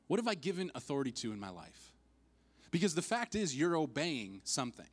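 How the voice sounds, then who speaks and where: A male pastor tells a funny personal story during his sermon, poking fun at himself and acting out what people said. His fairly high voice has a sing-song quality, and he talks quickly.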